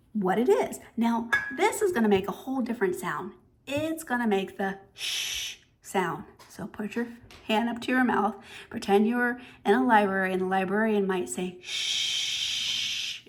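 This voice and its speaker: Woman teaching reading skills, patient and clear, sounds out each letter, mid pitch. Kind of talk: phonics lesson to camera.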